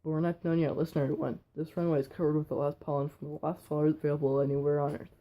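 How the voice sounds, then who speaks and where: A man's voice: a little high, little pitch movement, rapid-fire, muffled recording, close to an everyday voice. A man reading the lines of a plucky young male bee who rallies his hive, in his own voice. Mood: rousing.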